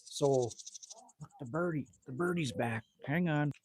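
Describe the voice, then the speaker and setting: In the evening, a Manitoba man livestreams casually from outside his cabin, reading viewer comments and chatting in a relaxed way. His voice is a little high, a bit mellow and husky, and he speaks slowly. He pokes fun at himself, swears mildly, and keeps saying "man."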